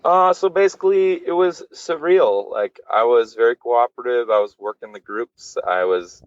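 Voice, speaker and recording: A man's voice: medium pitch, moderate pace, clean tone, no room sound, muffled recording. A man guesting on a podcast, telling a personal story casually, with lots of fillers and swearing. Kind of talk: candid storytelling.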